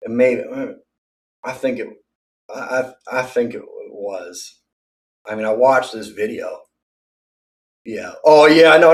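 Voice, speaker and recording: A man's voice: medium pitch, distant mic. A man delivering an angry, profane rant full of threats and repetitions.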